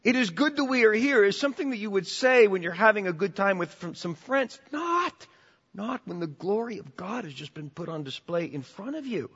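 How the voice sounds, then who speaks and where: A man preaching a sermon as pastor, animated and emphatic, often repeating words as he builds to his points. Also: high voice, moderate pace, husky. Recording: dull sound with long church reverb.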